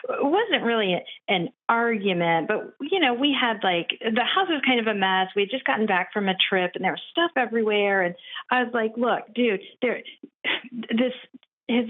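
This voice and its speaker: A woman's voice: a little high, moderate pace. Chatty woman caller on a tinny phone line. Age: middle-aged. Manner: chatty, animated retelling. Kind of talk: casual storytelling on a call.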